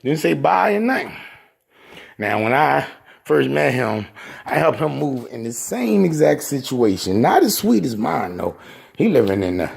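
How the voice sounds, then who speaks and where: Gravelly, husky man rambling and boasting. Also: mid-range voice, big pitch swings, unhurried. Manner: boastful, joking, trash-talking. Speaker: vlogger showing his new room. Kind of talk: casual rambling monologue.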